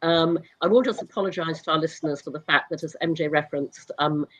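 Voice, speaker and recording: A woman's voice: deep voice, fast talker, no room sound, low-quality recording. Stuffy-voiced woman, polished and articulate. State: stuffy with flu. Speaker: guest, company founder. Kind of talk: interview. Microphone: video call.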